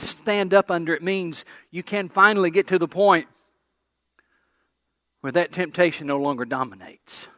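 A male pastor preaching a sermon, repeating key phrases and slowing down to stress scripture, and leading the congregation in call-and-response. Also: high-pitched, sharp tone, no echo.

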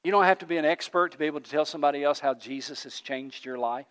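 A man's voice: a little high, fast, fairly bright tone. Man preaching in a reverberant church. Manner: emphatic, repetitive preaching cadence with rising builds. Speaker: pastor. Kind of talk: sermon. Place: church sanctuary, livestreamed. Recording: long hall reverb.

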